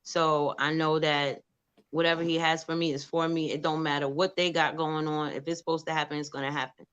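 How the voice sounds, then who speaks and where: Bright-voiced outspoken woman guest. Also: sits low, little pitch movement, fairly quick, clear, resonant tone, lo-fi sound. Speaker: guest, producer and actress. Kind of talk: casual interview chat.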